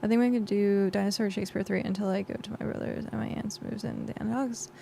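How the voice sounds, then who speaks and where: A woman's voice: medium pitch, fairly even intonation, fast talker, creaky, dark tone, a little hiss or hum. A woman game streamer in casual, rambling livestream chat, thanking viewers and talking while she plays. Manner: chatty and rambling, with frequent fillers.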